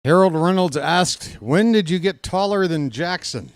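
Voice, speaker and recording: Slow-talking man chatting on a live stream. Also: high-pitched, expressive, clear, resonant tone, no echo, clean studio sound. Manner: chatty, joking, reads chat aloud. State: out of breath. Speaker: streamer hosting a draft watch-along. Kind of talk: casual live-stream chat.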